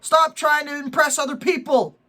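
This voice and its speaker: A middle-aged man rants on his vlog at normal speed, his very high voice bright and forceful with fairly even intonation. His social media commentary targets people lying for likes, delivered with indignation, preaching and jokey asides.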